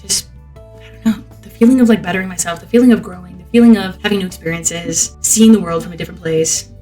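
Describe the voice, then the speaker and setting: A young woman talking casually and earnestly to camera, answering viewer questions with lots of "like" fillers and easy laughs, with soft music behind her. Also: medium pitch, lively intonation, fast. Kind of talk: casual reflective monologue.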